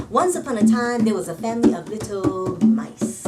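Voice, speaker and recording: A woman storyteller telling a folktale with music, lively and expressive, dropping in Spanish words and singing bits. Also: on the high side, moderate pace, hardly any pauses. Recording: distant voice over loud drums and music.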